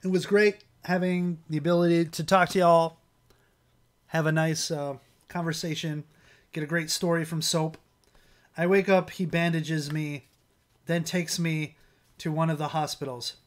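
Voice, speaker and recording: A man's voice: on the high side, level tone, measured pace, long pauses. A man with a strained, worn voice hosting a livestream, chatting casually and rambling through restarts and chuckles. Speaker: livestream host. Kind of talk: casual chat.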